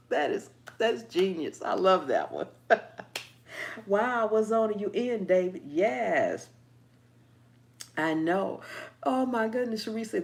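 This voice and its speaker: A woman's voice: mid-range voice, a little mellow. A woman hosting a gardening channel, chatting casually and reading viewer comments, playful and laughing often.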